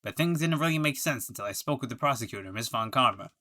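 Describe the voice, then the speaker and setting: A man's voice: medium pitch, animated, fast talker, bright, forceful tone. A man voicing a sad clown in a game. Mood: indignant. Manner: self-pitying, laughs at own jokes. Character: washed-up sad male clown witness.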